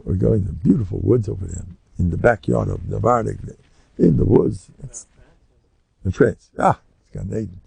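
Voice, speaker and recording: Older American rabbi lecturing, gravelly, husky, dry close sound, lively animated storyteller. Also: male voice, lowish voice, moderate pace, no echo. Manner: animated storyteller who acts out scenes. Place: lecture room with listeners.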